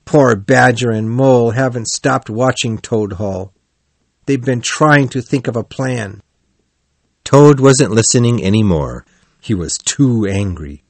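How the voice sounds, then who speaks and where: A man narrating a children's animal story in a measured, clear reading voice. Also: mid-range voice, no room sound.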